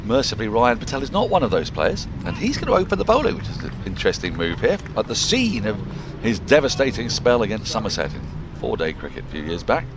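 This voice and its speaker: Deep-voiced, lively male cricket commentator. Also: fast talker, few pauses. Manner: playful, jokey, animated delivery. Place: outdoors at a cricket ground. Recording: open-air ground noise under the voice.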